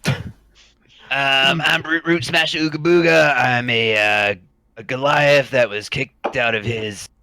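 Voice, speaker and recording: A man casually introducing his tabletop game character, halting with frequent filler pauses. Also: medium pitch, bright, forceful tone, smooth, no echo. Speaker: tabletop player.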